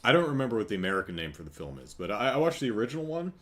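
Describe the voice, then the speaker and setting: A man hosting a solo podcast in a loose, chatty way. He rambles and corrects himself mid-thought. His pitch swings up and down as he tells his stories. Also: rapid-fire. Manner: rambling, self-correcting, animated storytelling. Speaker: podcast host. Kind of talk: casual solo podcast chat.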